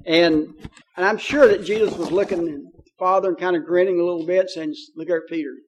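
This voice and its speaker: High-voiced man preaching a folksy sermon. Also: fairly even intonation. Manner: folksy and conversational, paraphrasing scripture in plain talk; reads scripture aloud, slowing on key phrases.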